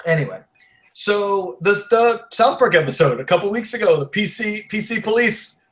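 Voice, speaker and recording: A man hosting a casual podcast chat, wired on coffee, rushed and rambling, blunt and profane. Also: high voice, animated, fairly bright tone. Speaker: podcast host.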